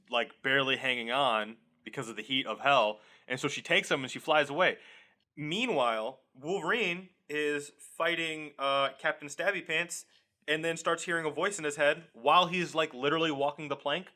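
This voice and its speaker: A man's voice: on the high side, moderate pace, sharp tone. A man co-hosting a podcast, chatting casually, laughing often and swearing freely while retelling a story. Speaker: podcast co-host. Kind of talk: casual chat.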